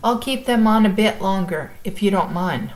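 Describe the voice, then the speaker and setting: Soft-spoken, withdrawn drifter, read by a woman. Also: medium pitch, normal speed, close to an everyday voice. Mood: shy. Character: quiet, withdrawn older male drifter.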